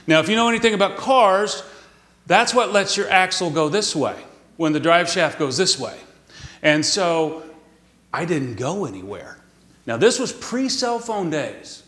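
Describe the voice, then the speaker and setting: A middle-aged man from Texas preaches a sermon in a high voice. He tells folksy stories and slows down on key words for emphasis. The sound is roomy, like a church sanctuary. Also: animated, fairly bright tone. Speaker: pastor.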